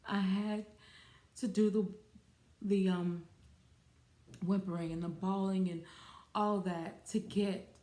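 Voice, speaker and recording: A woman's voice: medium pitch, steady tone, slow pace, pauses often, mellow, reverberant. A woman hosting her own podcast, talking casually and giggling often as she addresses listeners as y'all. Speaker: podcast host. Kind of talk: casual solo podcast talk.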